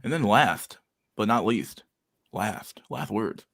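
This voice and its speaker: A man's voice: fairly low pitch, animated, slow pace, gravelly, a bit bright. A man hosting a stream, chatting casually and joking crudely with his guests. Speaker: stream host. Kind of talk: casual chat.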